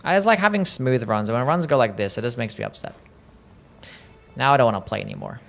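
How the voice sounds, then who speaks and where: Gravelly-voiced man grumbling through gameplay. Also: mid-range voice, lively intonation, a little fast, soft background music. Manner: grumbling, self-pitying, repeats complaints, swears. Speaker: live streamer playing a game. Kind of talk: casual gameplay commentary.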